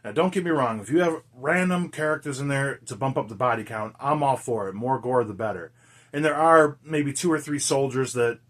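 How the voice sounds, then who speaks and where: A man's voice: mid-range voice, a bit bright. A man casually reviewing a horror film in an enthusiastic, rambling, profane way. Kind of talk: casual movie review chat.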